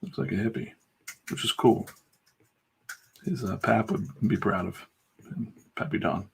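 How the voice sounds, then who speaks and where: Middle-aged guy w a low gravelly voice, blunt fired-up talk while drawing on a stream. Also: a little slow. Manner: blunt, pep-talk delivery with mild swearing. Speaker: comic artist streaming his work. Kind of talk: casual chat on a live drawing stream.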